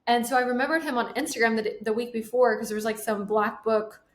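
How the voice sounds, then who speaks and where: Her voice on the high side and her pace fast, this twenty-something sales trainer is a guest sharing a casual story. She laughs a lot, stays animated, and performs each quote as she tells it.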